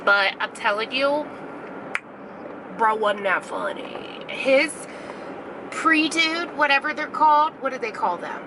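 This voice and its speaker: A woman's voice: sits high, animated, takes it slowly. A young woman vlogging casually from her car, rambling and swearing freely between topics. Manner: chatty, profane, rambling. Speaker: beauty vlogger. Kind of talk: casual vlog while driving. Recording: noisy car recording.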